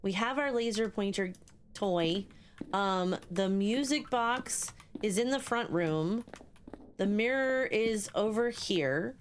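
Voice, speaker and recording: A young woman streaming a ghost-hunting game live, talking to her chat in an excitable, swearing, chatty way. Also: mid-range voice, slow pace, slight background noise. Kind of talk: live gameplay commentary.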